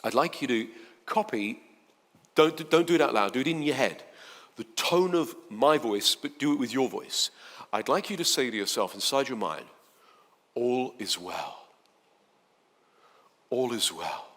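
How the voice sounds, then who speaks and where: Male seminar speaker, animated, hall reverb. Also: mid-range voice, normal speed. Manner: chatty, animated, playful, swings between soft and loud. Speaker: motivational speaker. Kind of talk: live seminar talk to an audience.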